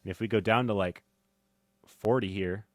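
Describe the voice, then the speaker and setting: A man teaching drum mixing in a casual tutorial, thinking aloud with fillers and swinging in loudness. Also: on the low side, steady tone, normal speed. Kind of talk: casual screen-recorded tutorial. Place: home studio. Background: faint music from drum playback.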